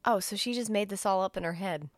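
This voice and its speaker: A woman co-hosting a podcast in casual chat, reacting with quick jokes and laughs. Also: mid-range voice, no room sound, studio quality. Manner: joking, quick wisecracks and laughter. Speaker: podcast co-host.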